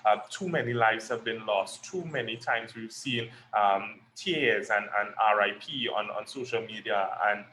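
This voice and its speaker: A man's voice: fairly low pitch, bright, forceful tone, a little hiss or hum, poor audio. A young man with a Trinidadian accent, speaking earnestly as a guest in an online interview, with frequent ums and restarts. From Trinidad and Tobago. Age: young adult. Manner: earnest, measured speaking with many fillers.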